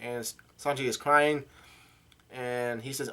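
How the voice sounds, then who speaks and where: A man host reading through a comic chapter casually, in a halting way, stumbling over names and adding his own asides. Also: mid-range voice, steady tone, a bit bright, clean tone. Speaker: manga reader and channel host.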